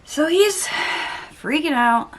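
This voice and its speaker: A woman's voice: high voice, animated, very slow. A young adult woman vlogger telling a story in casual chitchat while getting ready, with exasperated asides and mild swearing. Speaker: beauty vlogger.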